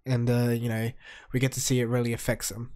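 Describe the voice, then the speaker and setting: A man sounding sick and hoarse, casually reviewing anime episodes in a rambling, excitable, heavily profane way. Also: mid-range voice, brisk.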